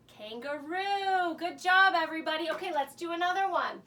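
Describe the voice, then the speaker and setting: A woman's voice: extremely high pitch, moderate pace, recorded from a distance. A woman hosting a children's show, cheering young viewers on as they guess animals in a game of charades. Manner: animated, encouraging, speaks to kids at home. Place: home laundry room. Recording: a bit away from the mic, faint room hum.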